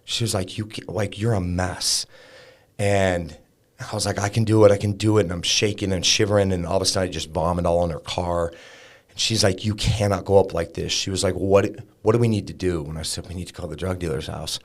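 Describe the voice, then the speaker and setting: A man's voice: sits low, fairly even intonation, fairly quick. A man in his thirties, a podcast guest, candidly telling a personal story in a conversational way, full of fillers and restarts.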